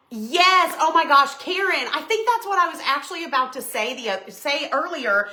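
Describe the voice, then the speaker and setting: A woman's voice: on the low side, reverberant. A middle-aged woman, chatting folksily as she crafts on a live stream and tells stories. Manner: animated, folksy, bursts into shrieks and laughter when retelling. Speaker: craft livestream host.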